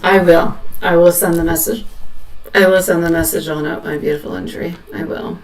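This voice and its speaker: A woman's voice: fairly low pitch, steady tone, a little fast, reverberant, far from the mic, poor audio. A woman giving a live tarot reading, speaking tenderly and reassuringly and calling listeners sweetheart. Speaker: tarot reader.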